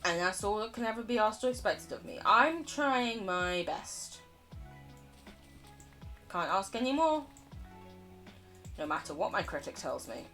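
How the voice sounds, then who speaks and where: Woman game streamer, casual rambling chatter, self-deprecating and quick to laugh, very lively intonation, soft music underneath. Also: medium pitch. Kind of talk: casual live-stream chatter while playing.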